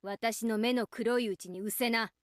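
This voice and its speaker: A woman's voice: a little high, steady tone, brisk, no room sound, clean studio sound, lightly acted. A woman voicing a fearless, commanding teenage girl in a visual novel game, speaking in curt, menacing orders. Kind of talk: Japanese game voice acting.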